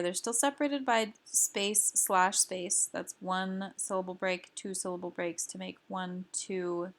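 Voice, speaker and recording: Slow, careful woman teaching. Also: mid-range voice. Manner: slow, careful explaining with fillers. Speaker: language teacher. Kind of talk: recorded lesson.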